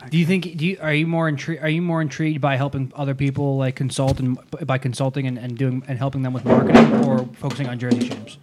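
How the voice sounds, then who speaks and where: A young man co-hosts a podcast in a rambling, casual way. He speaks quickly and often lets his sentences trail off softly. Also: mid-range voice, little pitch movement, slight background noise. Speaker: podcast co-host.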